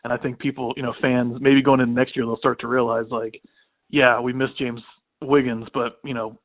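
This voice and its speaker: A man's voice: mid-range voice, level tone, moderate pace, dry recording. A man who is a podcast guest, giving casual sports analysis and peppering his talk with "like" and "you know". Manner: conversational, frequent "like" and "you know". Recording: dry phone-like line.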